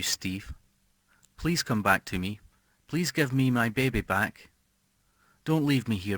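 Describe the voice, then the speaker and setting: A man narrating a horror story as an audiobook reader, slow and brooding, dropping to a hush on key words. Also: mid-range voice, dry recording.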